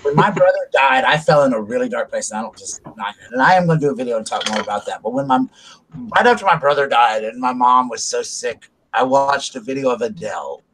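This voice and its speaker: A man's voice: medium pitch, expressive, fast talker, a crowd in the background. A middle-aged man from South Carolina hosting a casual chat, talking openly and rambling about family and feelings. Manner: open, rambling, confessional. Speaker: host.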